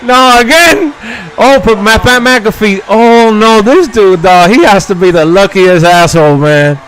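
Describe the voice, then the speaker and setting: High-voiced, excitable profane male streamer. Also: unhurried, low-quality recording. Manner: excitable and profane, calls viewers bro and dog. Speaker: streamer host. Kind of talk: live-stream watch-party reaction.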